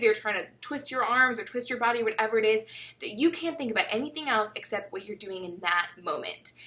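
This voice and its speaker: A young woman talking casually to camera, giving chatty, encouraging advice on coping with stress. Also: mid-range voice. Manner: warm, encouraging, chatty with many fillers. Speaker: fitness vlogger.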